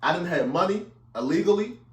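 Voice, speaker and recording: A man co-hosting a podcast in loud, profane casual chat, laughing often. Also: high voice, animated, brisk, roomy sound. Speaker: podcast co-host.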